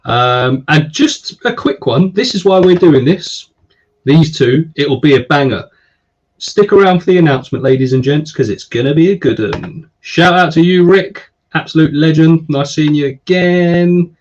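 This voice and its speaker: A man's voice: a little high, animated, normal speed. Chatty man hosting a live stream. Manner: chatty, reads out viewer names with shout-outs. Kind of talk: casual live stream chat. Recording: slightly dull stream audio.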